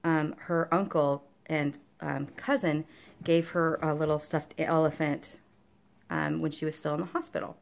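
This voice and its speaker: Lady vlogger rambling about her cross stitch, lowish voice w some vocal fry, lots of ums. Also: fairly even intonation, measured pace. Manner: chatty and rambling, many fillers; talks to her dog between topics. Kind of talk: casual show-and-tell chat.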